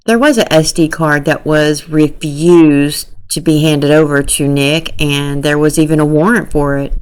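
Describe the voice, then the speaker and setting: A woman's voice: low voice, fairly even intonation, a little slow, few pauses, darkish tone, clean tone. A woman giving casual, exasperated commentary on a true crime case, talking emphatically and incredulously. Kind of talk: casual commentary reacting to a clip.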